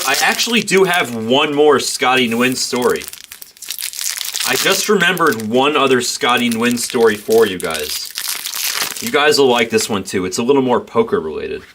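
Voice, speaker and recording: A man's voice: mid-range voice, expressive, normal speed, noisy background. A man hosting a live card break stream, telling a rambling story in casual chat. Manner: chatty, rambling, self-correcting. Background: tearing and crinkling card packs.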